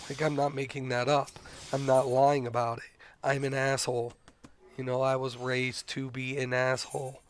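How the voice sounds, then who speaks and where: A middle-aged man and father, casually telling a story to his stream in a blunt, animated way, swearing freely. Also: mid-range voice, moderate pace, a little hiss or hum.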